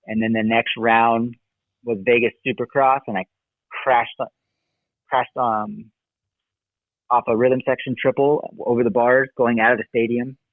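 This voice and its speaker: On a thin, dry phone-like line, the motocross racer and coach talks at medium pitch in a dry recording. As a guest in a laid-back interview, he rambles through his memories with plenty of fillers.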